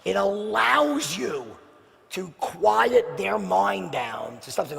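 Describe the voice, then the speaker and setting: A man giving a live sales seminar, talking straight to the audience with rhetorical questions and swinging between loud bursts and hushed near-whispers. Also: sits high, expressive, slow, creaky, in a large hall.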